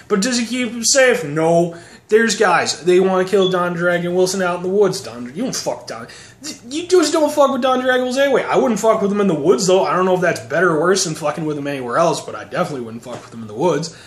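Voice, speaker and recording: A man's voice: high-pitched, big pitch swings, fast talker. A man sarcastically recapping action movies in a casual, profane, rambling way. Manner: sarcastic, profane, mocking voices. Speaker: movie reviewer. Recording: echoey room, faint noise.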